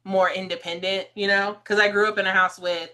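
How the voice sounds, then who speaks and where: With a medium-pitched, brisk voice, a woman hosts a podcast interview in a casual, chatty way. She's an animated storyteller who laughs often and performs the voices of the people she quotes.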